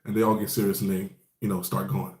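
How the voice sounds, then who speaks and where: A man talks through an anime episode in a loose, rambling way, peppering it with fillers and curse words. His voice sits on the low side, and the room around him rings with a noticeable echo. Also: little pitch movement, fast talker, dark tone. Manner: rambling, profane, laid-back storytelling with fillers. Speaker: anime episode recap host. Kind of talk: casual episode recap.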